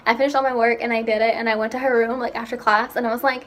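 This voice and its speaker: A young woman telling stories about herself in a casual, chatty vlog, with quick asides. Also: fairly high pitch, little pitch movement. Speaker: vlogger. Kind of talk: casual chat.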